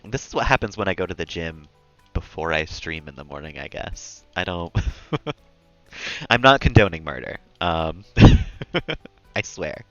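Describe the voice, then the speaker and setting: A man's voice: low voice, lively intonation, unhurried, fairly bright tone, dry recording, dull audio, soft background music. A man live-streaming a game, rambling and chatty, often laughing at his own jokes. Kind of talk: casual gameplay commentary.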